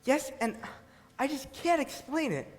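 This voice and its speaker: A man's voice: extremely high pitch, very animated, a little slow, exaggerated voice. A young man on a school stage playing an earnest groom who pleads with his bride, recorded in a reverberant auditorium. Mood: pleading. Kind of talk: school stage musical acting. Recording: reverberant hall, distant stage sound.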